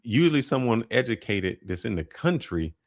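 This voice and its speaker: A man reasoning calmly in a casual podcast debate. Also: mid-range voice, moderate pace.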